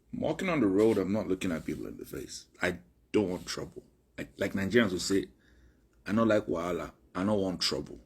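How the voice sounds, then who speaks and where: Deep husky man, earnest reflective commentary. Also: darkish tone. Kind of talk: casual commentary.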